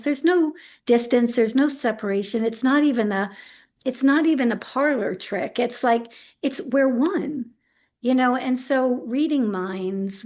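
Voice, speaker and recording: Animated middle-aged woman telling a story. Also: fairly high pitch. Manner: animated storyteller, acts out quoted speech, laughs often. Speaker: autism integration specialist, interview guest. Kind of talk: casual interview storytelling.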